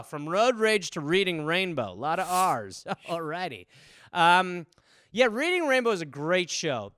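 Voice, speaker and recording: A man's voice: high voice, fairly bright tone, smooth, dry recording, clean studio sound. A man hosting a comedy podcast, riffing alone on topics in a rambling, profane, self-deprecating way. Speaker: podcast host.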